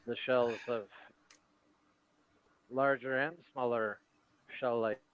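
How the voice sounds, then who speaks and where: Guy dming a tabletop game on a voice call, middle pitch, easygoing narration w/ little pauses. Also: steady tone, clear, resonant tone, dull audio. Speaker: game master.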